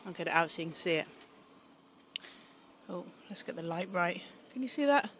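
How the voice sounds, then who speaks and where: A woman's voice: on the low side, animated, normal speed, fairly bright tone, a little hiss or hum. A woman talking casually to camera from inside her camper van, chatty and swearing freely. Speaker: vlogger. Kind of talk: casual vlog chat.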